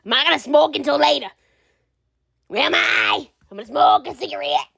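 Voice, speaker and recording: A woman's voice: high voice, a bit bright, full character voice. A woman voicing a stubborn older chain-smoking woman who grumbles, coughs and gets touchy in a comedy skit. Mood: defensive. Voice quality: gravelly, coughing smoker's voice. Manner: slow, grumbling and defensive.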